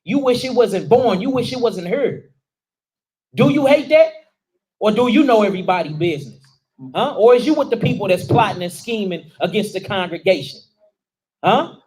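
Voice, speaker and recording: Man, high voice, preacher, informal dialect, questioning the room. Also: lively intonation, normal speed, a little mellow, rough recording. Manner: calls out questions and answers to the room. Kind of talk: sermon teaching.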